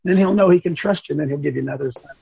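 A man hosting a call-in talk show, preaching fervently and bursting into shouts, clearing his throat now and then. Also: fairly high pitch, rapid-fire, no room sound, muffled recording. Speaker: host.

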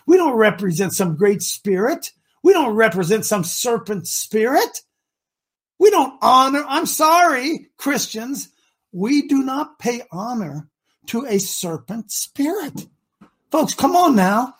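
A man hosting a call-in talk show with emphatic, preachy delivery, shifting between loud outbursts and low asides. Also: animated, slow, breathy edge. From Ohio. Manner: emphatic and preachy, swinging between shouting and mutters.

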